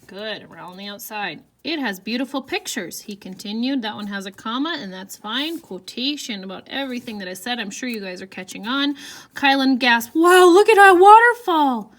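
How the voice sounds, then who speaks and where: A woman's voice: mid-range voice, animated, brisk, few pauses, fairly bright tone. A woman teacher giving a writing lesson, reading example sentences aloud and talking through her writing step by step. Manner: reads quoted lines in a lifted voice.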